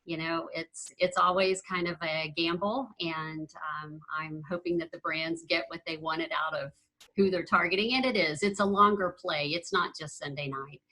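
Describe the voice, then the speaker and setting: Bright-voiced chatty woman analyst. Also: low voice, steady tone, moderate pace, rough recording. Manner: chatty, repeats points, laughs easily. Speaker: panel guest, marketing analyst. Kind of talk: panel discussion.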